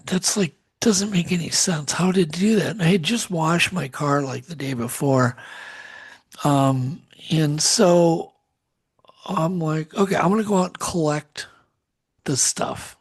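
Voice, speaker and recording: A middle-aged man telling a strange story as a podcast guest, animated and acting out what people said. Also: fairly high pitch, gravelly, breathy edge. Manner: animated storyteller, acts out quotes.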